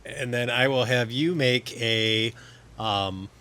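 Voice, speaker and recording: A man's voice: medium pitch, takes it slowly. A man narrating as game master in a casual online tabletop session, laughing often. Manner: laughs often, relaxed and chatty.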